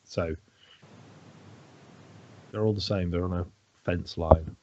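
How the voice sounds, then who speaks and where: A man's voice: sits low, fairly even intonation, takes it slowly, warm tone, dull audio, slight background noise. A man, dungeon master, narrating a tabletop game in a chatty, rambling way full of fillers. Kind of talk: running a tabletop game, casual chat.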